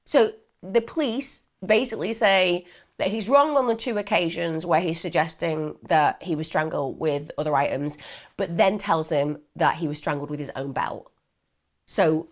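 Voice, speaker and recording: A woman telling a true crime case in a chatty way, talking directly to her viewers. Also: fairly low pitch.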